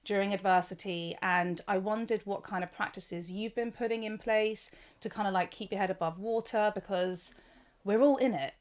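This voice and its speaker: A woman hosts a podcast conversation in an easy, chatty way. She gushes over her guest and fills her questions with little likes and ums. Her voice sits at an ordinary middle pitch for a woman. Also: fairly even intonation, normal speed. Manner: warm, gushing, chatty with fillers. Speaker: podcast host. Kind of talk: podcast interview.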